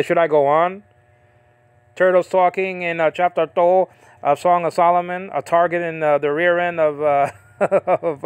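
A Bible teacher talks in an easygoing, digressive way, correcting himself often and reading Greek words out slowly. His fairly high voice is clear and resonant, with no room sound.

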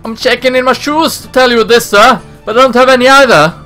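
Man doing a squeaky fawning soldier lackey. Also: fairly quick, pushed and bright, faint music behind. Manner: overly polite and fawning. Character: fussy high-voiced male soldier lackey.

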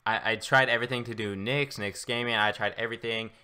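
A man giving excitable, boastful live commentary while playing a video game as a gaming YouTuber. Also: on the low side, fast, clear, resonant tone.

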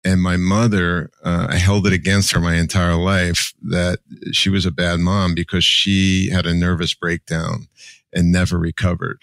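Gravelly low-voiced older man telling his story. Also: level tone, moderate pace, fairly bright tone, dry recording. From New Jersey. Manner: candid, emotional. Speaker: podcast guest. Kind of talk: personal storytelling.

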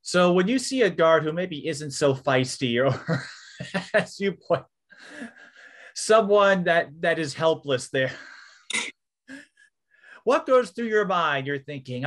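A man hosts a sports interview and teases his guest with playful questions. His voice runs fairly high and swings widely in pitch, lively and animated throughout. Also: takes it slowly, long pauses. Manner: playful, teasing, laughs along. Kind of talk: casual interview.

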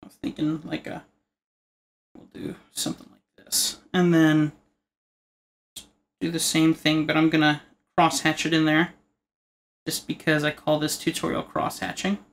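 A man's voice: a little high, level tone, measured pace, vocal fry, pauses often, slight background noise. Man rambling jokingly while drawing. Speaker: art tutorial host. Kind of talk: casual narration while drawing.

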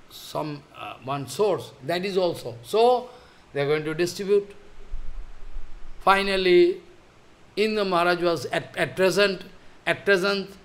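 His voice sits high with a fairly bright tone. He's a male religious teacher whose first language is Bengali, telling a scripture story in a sermon with halts, repeated phrases, and checks that everyone is following.

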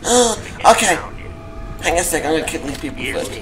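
Give me a loud, excitable man narrating gameplay. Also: a little high, brisk. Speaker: host. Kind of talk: gameplay commentary.

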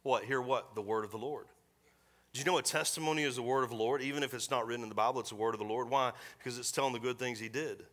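A middle-aged man preaching a sermon as pastor, animated and mixing scripture with joking asides. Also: medium pitch, quick pace. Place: church service.

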